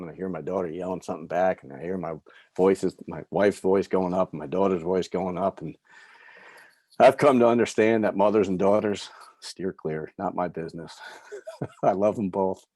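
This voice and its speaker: A middle-aged man from New York giving a candid personal recovery talk, telling stories with soft asides. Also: low-pitched, steady tone, moderate pace, no room sound. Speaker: recovery speaker.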